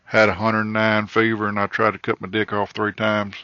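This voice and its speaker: A man's voice: fairly low pitch, moderate pace, smooth, no echo. A man, a trucker hosting a podcast, telling a crude comedic story in a rambling, profane way, recorded in his truck cab. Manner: profane, rambling, animated in the quoted parts. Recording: dull lo-fi recording, dry.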